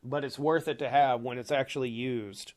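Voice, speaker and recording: Man, livestream host, swearing nonstop, heated angry rant, desk mic in a home office, mid-pitched voice. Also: steady tone, normal speed, darkish tone. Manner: profane, heated ranting. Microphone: desk microphone.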